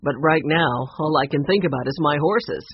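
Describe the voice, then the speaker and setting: A woman voicing a gentle, downcast middle-aged man in a storybook reading. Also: low voice, moderate pace, slightly rough, no room sound. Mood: worried. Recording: dull, muffled recording.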